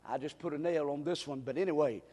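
A male pastor preaching a revival sermon, swinging between quiet asides and shouted exhortation in a church sanctuary. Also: a little high, fast talker. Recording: long reverb of a church hall.

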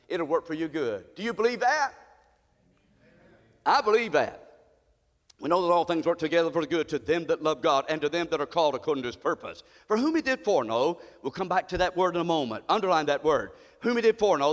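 A male pastor delivers a sermon in a church sanctuary, his fairly high voice swooping up and down as he calls to the congregation and climbs into shouts. A long church reverb trails behind his words. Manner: call-and-response preaching, rising to shouts.

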